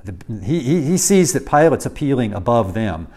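A male Bible teacher with an animated, swinging pitch. He explains the passage conversationally, stopping and restarting phrases as he builds emphasis. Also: normal speed. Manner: animated, with restarts and varied loudness.

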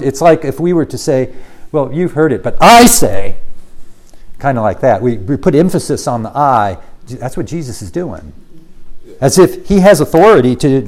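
A man's voice: medium pitch, mellow. A man preaching an expository sermon, emphatic and given to repeating key phrases.

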